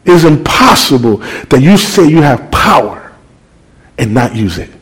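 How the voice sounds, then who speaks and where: A man preaching a sermon, telling a story with lively, animated delivery that climbs toward near-shouting. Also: mid-range voice, measured pace, slightly rough, poor audio. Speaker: pastor.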